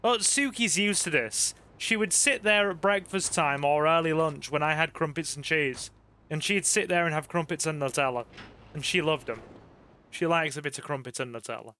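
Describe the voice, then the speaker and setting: A man's voice: fairly high pitch, normal speed, bright, forceful tone. A man giving casual let's-play commentary, chatty and joking, swearing casually and talking to his viewers. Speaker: gaming channel host.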